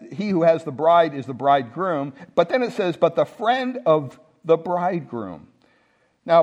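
A male pastor delivers a sermon, his voice sitting a little higher than most men's. He leans hard on key words and keeps asking the congregation questions. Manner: emphatic preaching, rhetorical questions to the congregation.

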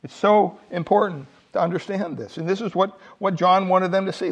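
Animated man preaching a sermon. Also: high-pitched, normal speed, few pauses. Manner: animated storytelling, rising to emphatic peaks. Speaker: pastor.

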